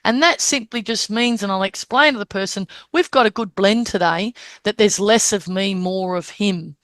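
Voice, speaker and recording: A woman's voice: mid-range voice, moderate pace, fairly bright tone, no echo. A woman medium explaining how spirit communicators are recognised, checking in with her listeners and acting out gestures as she teaches. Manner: checks in often with "Okay?"; acts out the spirits' words and gestures.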